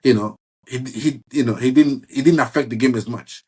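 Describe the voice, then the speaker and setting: A man talking football in a casual chat, halting and restarting often and asking "you see what I'm saying". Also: mid-range voice, darkish tone, slightly rough. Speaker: football fan guest.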